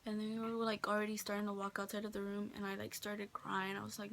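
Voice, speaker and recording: Chatty teen girl, bright voice. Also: mid-range voice, monotone, fast, creaky, slight background noise. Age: teens. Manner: chatty, full of "like", quotes others in her own voice. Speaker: vlogger. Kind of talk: casual storytime vlog. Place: friend's bedroom.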